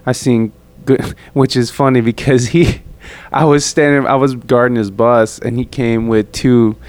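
A man's voice: mid-range voice, measured pace. A man chatting casually on a podcast, telling stories with laughs and acted-out quotes. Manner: storytelling, laughs often, animated impressions. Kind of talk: casual chat.

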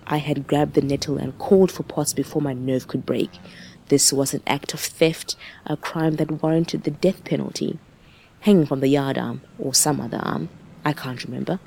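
A woman with a very low, gravelly voice reads a comic ship's log. She narrates in a measured, mock-stern tone. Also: mellow, a little hiss or hum, poor audio. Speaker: reader. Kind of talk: comic reading of a captain's log.

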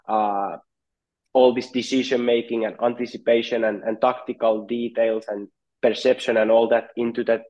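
A man's voice: mid-range voice, highs cut off. A man from Finland, a native Finnish speaker, answering interview questions as a goalkeeping coach in a thoughtful way, often repeating words as he searches for phrasing. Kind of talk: podcast interview.

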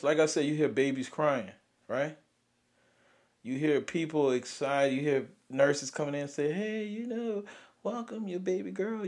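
A young man, hosting and venting about grief in a raw, profane way, swinging from loud outbursts to near-whispers. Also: fairly high pitch. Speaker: podcast host. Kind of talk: emotional personal venting.

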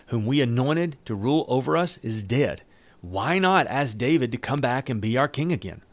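A man's voice: mid-range voice, no room sound. Dry-voiced man reading scripture aloud. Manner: reads scripture aloud, then retells it loosely in everyday words. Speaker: Bible reader and teacher. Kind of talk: Bible reading with casual commentary.

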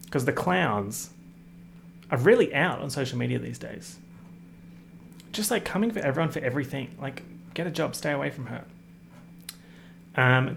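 Young Australian guy, casual podcast host, mid-pitched with vocal fry, ranty and over-the-top. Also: fairly bright tone, slight background noise. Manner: chatty, ranting, dramatic exaggeration. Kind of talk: casual pop-culture commentary.

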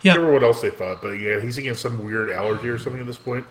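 Fast-talking man in casual chat. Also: medium pitch, slight background noise. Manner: quick, chatty, repeats words when starting sentences. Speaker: podcast co-host. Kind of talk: casual chat about a TV show.

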